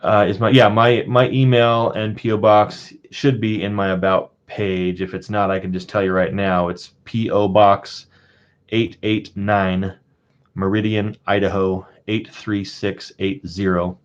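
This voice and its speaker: Low-voiced man chatting on a lo-fi stream. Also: little pitch movement, measured pace. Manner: rambling, chatty, reads out viewer names; frequent fillers and restarts, chuckles often. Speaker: streamer and coin collector. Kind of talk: casual live stream chat.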